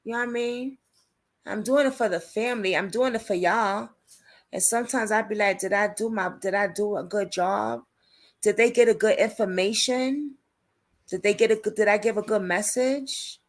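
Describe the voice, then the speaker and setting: A woman's voice: mid-range voice, normal speed. A woman hosting a casual live stream, talking in an informal, slangy way and reading and answering viewer comments as she goes. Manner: talkative, reads and answers viewer comments aloud. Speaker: livestream host covering a criminal case.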